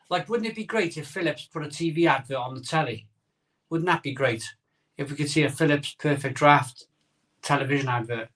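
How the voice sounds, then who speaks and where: A man's voice: mid-range voice, fairly bright tone. A man, hosting a live stream and chatting casually while he reads out viewer comments, often repeating himself with plenty of ums. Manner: chatty, cheerful, many ums and repeated phrases. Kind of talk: casual chat.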